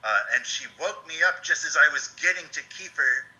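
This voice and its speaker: A man's voice: a little high, brisk, poor audio. A man co-hosting a casual book-club chat, telling stories with jokey exaggeration. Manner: animated storyteller, jokey exaggeration. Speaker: podcast co-host.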